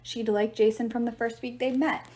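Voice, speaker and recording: Female reader, steady novel narration, warm and slightly high. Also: normal speed. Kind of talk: reading a novel aloud.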